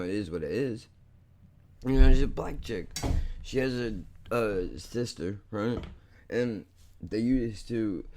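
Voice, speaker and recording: A young man hosting a podcast, talking in a blunt, profane, rambling way that turns angry fast. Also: fairly low pitch, darkish tone, a little hiss or hum. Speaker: podcast host. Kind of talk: casual monologue.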